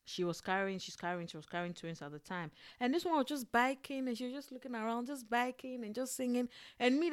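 Animated woman telling a personal story. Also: on the high side. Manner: animated and expressive, with exclamations and laughter.

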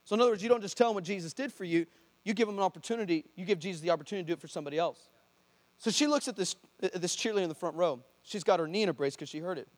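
A man, a pastor telling a story in a sermon, animated and acting out the people in it. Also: high-pitched, rapid-fire. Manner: animated, acts out shouts and voices of people in his story. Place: church hall before a congregation.

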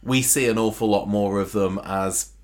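Man, deep low voice, casual podcast chat, halting restarts. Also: fairly even intonation. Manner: chatty, hesitant with restarts, acts out quotes. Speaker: podcast co-host. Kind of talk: casual chat about a soap opera.

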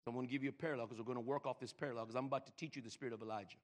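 An older man preaching a sermon, stammering and repeating words, swinging from loud emphasis to hushed slow lines. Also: medium pitch, steady tone. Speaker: pastor.

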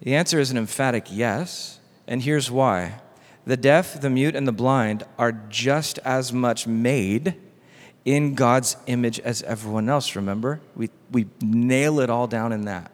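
A man preaching a sermon as pastor, animated and casual, acting out quoted dialogue. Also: mid-range voice, unhurried. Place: church hall. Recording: long hall reverb.

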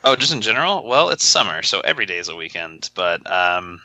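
A man's voice: deep voice, sing-song, fairly quick, bright, forceful tone. A man co-hosting a podcast, chatting casually in a rambling, playful way. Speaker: podcast co-host. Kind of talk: casual chat.

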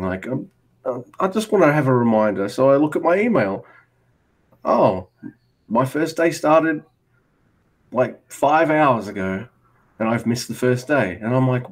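A man's voice: mid-range voice, expressive, measured pace, long pauses. A man with an Australian accent co-hosting a podcast, chatting casually and rambling through a story, swearing freely. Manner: rambling, swears freely, acts out both sides of conversations. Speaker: podcast co-host. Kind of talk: casual chat.

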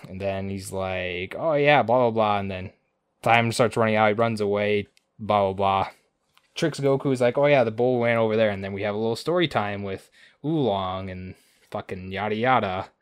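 A man's voice: lowish voice, moderate pace, clean tone, dry recording. A man co-hosting a podcast, recapping an episode in a rambling, crude way full of swearing and asides. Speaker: podcast co-host.

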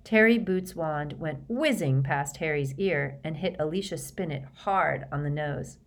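A woman narrates an audiobook from a script, telling the story in a steady, measured way with a slightly low voice.

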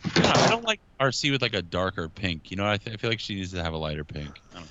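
Man, low voice, very animated pitch, casual chat, emphatic, dull lo-fi recording. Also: rapid-fire, heavy background noise.

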